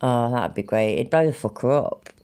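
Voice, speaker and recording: A woman's voice: extremely low pitch, moderate pace, warm tone, clear, resonant tone. A woman giving casual commentary over a livestream, sarcastic and mocking, swearing freely.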